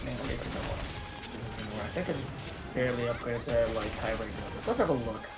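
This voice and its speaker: A man's voice: medium pitch, fairly quick, over loud music. A man chatting casually on a voice call while gaming, rambling and unsure of names, laughing along. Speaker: guest co-player. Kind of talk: casual chat over voice call.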